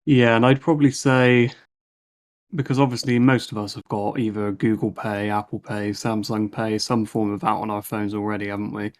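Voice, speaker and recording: A man's voice: fairly low pitch, flat delivery, moderate pace. A man, talking in a casual podcast panel discussion, chatty and fond of tag questions.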